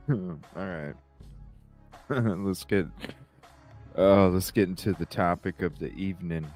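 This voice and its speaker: A man's voice: low-pitched, takes it slowly, a little mellow, faint music behind. A man hosting a live podcast, chatting casually, laughing often and swearing as he rambles. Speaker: podcast host. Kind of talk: casual live-stream chat.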